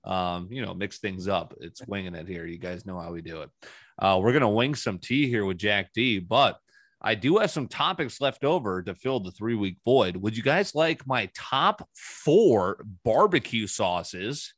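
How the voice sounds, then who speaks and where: A man with a low voice hosts a casual podcast, wandering through stories and cursing freely as he goes. The sound is dry and close, with no room around it. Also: expressive, measured pace, a bit bright, dry recording. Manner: rambling, profane storytelling. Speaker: podcast host. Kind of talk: casual chat.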